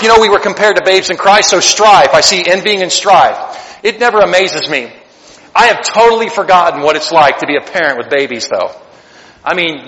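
A man preaching a sermon as pastor, animated and joking, acting out little voices to make his points. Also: sits high. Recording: long hall reverb.

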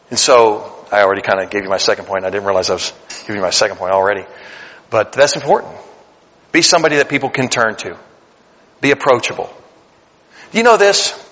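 A man's voice: medium pitch, lively intonation, moderate pace, long pauses, sharp tone, in a large hall, muffled recording. A man in his late forties preaching a sermon, talking to the congregation in a conversational way and building to emphatic bursts. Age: 40s. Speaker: pastor. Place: church sanctuary.

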